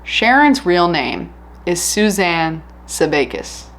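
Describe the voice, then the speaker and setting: A woman's voice: fairly low pitch, sing-song, takes it slowly, fairly bright tone, heavily acted. Blunt male convict, as a woman quotes him. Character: bragging older male convict on death row.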